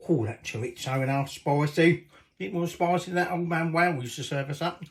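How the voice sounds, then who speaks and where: A man's voice: a little high, moderate pace, poor audio. A man chatting cheekily while cooking in his home kitchen, swearing casually as he goes. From Britain.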